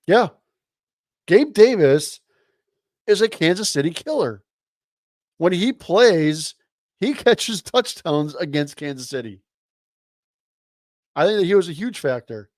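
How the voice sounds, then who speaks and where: Brief: male co-host, heated fan rant, blunt and profane, slightly high voice, dry sound. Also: big pitch swings, takes it slowly, pauses often, a little mellow, no room sound.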